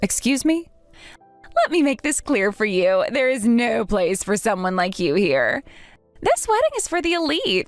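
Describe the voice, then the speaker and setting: A woman's synthetic voice reading a text-message story, playing two young female rivals from school as they trade sharp, bickering lines. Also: a little high, dry recording.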